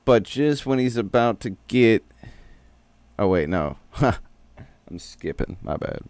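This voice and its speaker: A man's voice: lowish voice, expressive, takes it slowly, vocal fry, a little mellow, no room sound. A man streaming a casual, rambling recap of a cartoon episode, full of slang and swearing.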